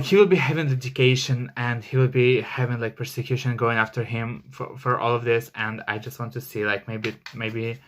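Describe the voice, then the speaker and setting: A man reads tarot cards to camera in a loose, casual way. He talks emphatically, with many fillers and the odd curse. His voice sits at an ordinary middle pitch. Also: fairly bright tone, a little hiss or hum. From Russia. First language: Russian. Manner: chatty and emphatic, heavy on "like" fillers and swearing. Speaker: tarot reader.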